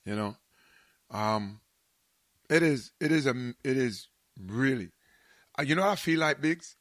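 A man with a Jamaican accent hosting a show in casual chat, telling animated stories and slipping into patois. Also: mid-range voice, a little slow, no echo. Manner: animated storyteller, slips into patois. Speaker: show host.

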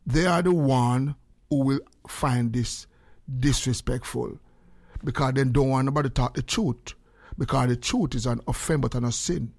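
A man's voice: medium pitch, normal speed, vocal fry, a little mellow, dry recording. A man with a Jamaican accent giving emphatic commentary in patois, repeating his points for effect.

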